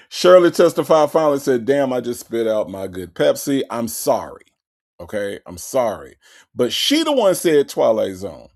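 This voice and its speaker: A man hosting a live stream in casual, blunt commentary. His voice is gravelly, his pitch leaps around freely, and he talks with coarse language and a ready laugh. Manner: animated, blunt, profane, laughs often. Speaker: livestream host.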